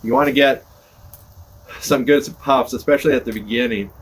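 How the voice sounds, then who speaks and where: A man's voice: mid-range voice, moderate pace. An older man, a podcast host, chatting casually and rambling in a folksy, self-deprecating way while sitting by a fire on his porch. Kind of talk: casual chat to camera. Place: front porch by a fire, outdoors. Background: fire crackling, passing cars.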